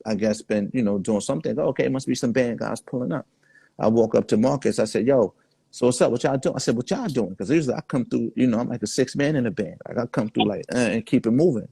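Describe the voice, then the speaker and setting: Gravelly husky-voiced man telling stories. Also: mid-range voice, warm tone, dry recording. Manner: laid-back, storytelling with quoted dialogue. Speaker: guest artist. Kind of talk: casual interview storytelling.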